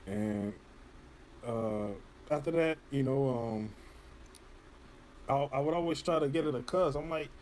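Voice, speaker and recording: A man's voice: mid-range voice, unhurried, long pauses, darkish tone, a little hiss or hum. A man in casual interview chat, rambling and profane, filling his talk with "you know". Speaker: podcast guest.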